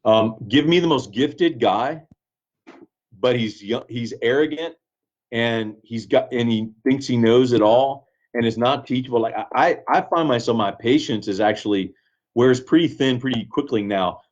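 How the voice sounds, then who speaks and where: Pastor guest, earnest and reflective, mid-pitched man on a slightly muffled interview recording. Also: moderate pace. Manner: earnest, reflective, with frequent restarts. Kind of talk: casual conversation, storytelling.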